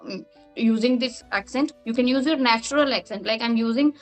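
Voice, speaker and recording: A woman's voice: fairly high pitch, a little fast, faint music behind. A woman whose first language is Hindi, answering interview questions at length in a casual, explanatory way, often using "like" as a filler and laughing between points.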